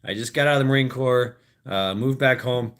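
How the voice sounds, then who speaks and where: Speaking a little fast in a mid-range, somewhat bright voice, a livestream host who seems to be in his thirties chats casually with his viewers. His talk wanders, he swears a lot, and he cracks himself up with his own jokes.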